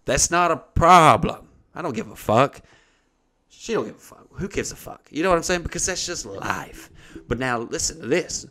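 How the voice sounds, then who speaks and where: A man's voice: mid-range voice, normal speed. Profane man telling a story. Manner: profane, animated storytelling with mocking voices. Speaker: podcast host. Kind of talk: casual comedic storytelling.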